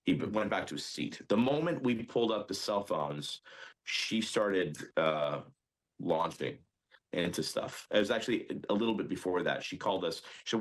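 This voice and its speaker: Deep-voiced man recounting an incident. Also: lively intonation, moderate pace. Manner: hesitant, many ums and restarts. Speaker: interviewee.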